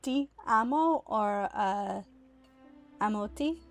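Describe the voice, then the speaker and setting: A woman's voice: mid-range voice, lively intonation, slow pace, faint music behind. A woman from the United States casually chatting while streaming a game, explaining words to her chat at an easy pace. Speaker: streamer and mother.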